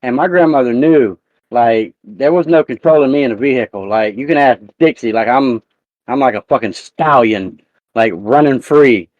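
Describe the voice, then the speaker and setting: A man's voice: mid-range voice, moderate pace, a little mellow, dry recording, lo-fi sound. A man hosting a live talk show, telling a profane family story in casual chat.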